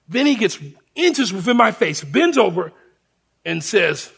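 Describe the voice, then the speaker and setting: A male preacher tells a personal story from the pulpit as an animated sermon. His voice sits high and swings widely in pitch. It has a bright, gravelly edge. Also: moderate pace. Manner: animated storyteller addressing a congregation.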